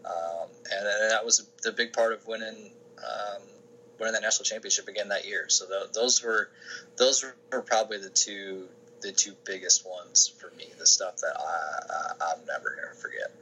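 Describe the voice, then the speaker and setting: A man talks through his career in a relaxed, rambling way, circling back and restarting his sentences. His voice sits a little low but has a bright, forceful edge. A faint background hiss runs under the recording. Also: normal speed, poor audio. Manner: rambling, many restarts and fillers. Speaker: sports information director, podcast guest. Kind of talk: casual interview answers.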